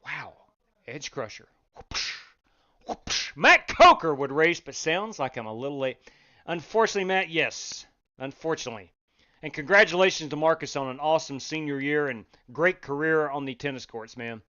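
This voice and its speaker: A man hosting a sim racing league live stream, chatting casually, reading out chat and breaking into loud exclamations. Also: a little high, animated, normal speed, muffled recording. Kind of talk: live-stream race commentary.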